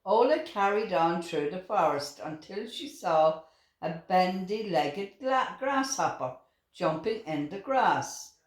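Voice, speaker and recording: Expressive grandmother reading a picture book. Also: lowish voice. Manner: slow and expressive, with lively voices. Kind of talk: storybook read-aloud. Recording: roomy echoing room.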